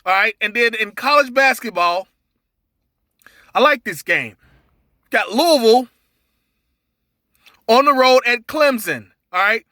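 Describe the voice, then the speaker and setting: Bright high-voiced sports betting host. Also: male voice, lively intonation, slow pace, pauses often, no room sound, studio quality. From Cincinnati area. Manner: loose, rambling, with many fillers and restarts. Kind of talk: casual betting picks monologue.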